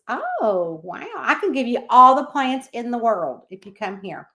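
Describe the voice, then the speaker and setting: A woman's voice: a little high, big pitch swings, unhurried, few pauses, pushed and bright. A woman hosting a casual livestream, chatting and reading out viewer comments by name. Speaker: livestream host.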